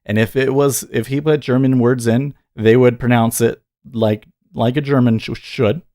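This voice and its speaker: A man's voice: mid-range voice, fairly even intonation, normal speed, warm tone, no echo, clean studio sound. A man in his thirties hosting a day trading livestream, talking casually and earnestly, rambling with frequent self-corrections.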